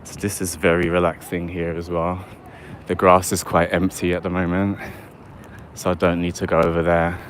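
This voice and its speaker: Deep-voiced man rambling on a walk. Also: flat delivery, normal speed, slight background noise. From London, England. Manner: chatty and rambling, keeps asking "do you know what I mean". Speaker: livestreamer giving a walking tour. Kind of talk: casual live walking vlog. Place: outdoors in a city park by water.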